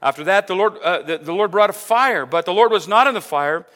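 A male preacher in full sermon, voice bright and pitched a little high, swinging from low asides to loud, emphatic runs. He keeps asking the congregation questions and repeating words. The long reverb of a big hall hangs on every phrase. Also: animated, fairly quick. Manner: repeats words, asks the crowd rhetorical questions; builds to loud emphatic stretches, then drops low.

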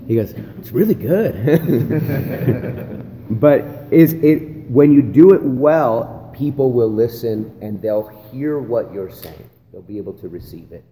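Pastor, male, warm low-key delivery, chatty church-leadership lesson; long hall reverb, slight room hiss. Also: a little slow, hardly any pauses. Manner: conversational, repeats "right?" and "again". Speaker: pastor training other pastors. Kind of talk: church leadership teaching talk. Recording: long hall reverb, faint ambient noise.

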